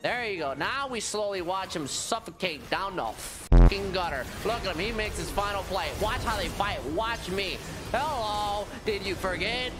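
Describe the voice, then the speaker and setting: A man streaming a video game live, trash-talking opponents with loud, profane taunts and catchphrases. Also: high-pitched, expressive, normal speed. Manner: hyped, profane trash talk. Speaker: gaming streamer. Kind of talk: live gameplay commentary. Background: music.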